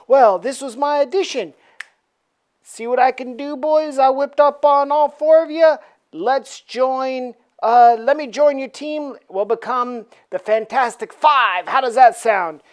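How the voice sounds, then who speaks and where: A woman's voice: sits high, a little slow, voice pushed up. A woman voicing a cocky teenage male superhero who teases and boasts in slangy talk while retelling a comic book. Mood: boastful. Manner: brash, teasing, slangy.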